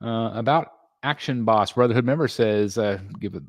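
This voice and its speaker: A man's voice: fairly low pitch, normal speed, no room sound, clean studio sound. A man hosting a casual collectors' livestream, reading chat messages and answering in a rambling way with many ums and restarts. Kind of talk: casual live-stream chat.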